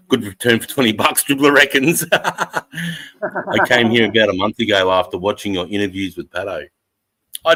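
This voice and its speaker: A man's voice: on the low side, fairly bright tone, poor audio. A man casually hosting a livestream, telling stories bluntly with plenty of swearing. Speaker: livestream host.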